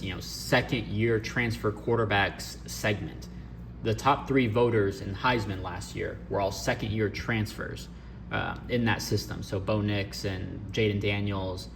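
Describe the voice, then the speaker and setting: A man's voice: on the low side, fairly even intonation, moderate pace, gravelly, background noise. A man chatting casually in a vlog about collecting sports cards, opinionated and rambling through asides. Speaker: sports card collector vlogger.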